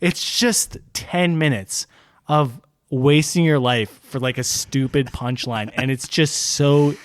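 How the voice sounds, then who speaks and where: A man co-hosting a podcast in casual chat, animated and swearing, laughing often. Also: mid-range voice, slow pace, dry recording, clean studio sound. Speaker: podcast co-host.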